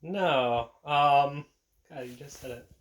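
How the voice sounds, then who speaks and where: A man's voice: on the high side, takes it slowly. A man chatting casually off to the side, easygoing and a bit unsure, often chuckling. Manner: laid-back, chuckling, unsure. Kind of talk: casual chat.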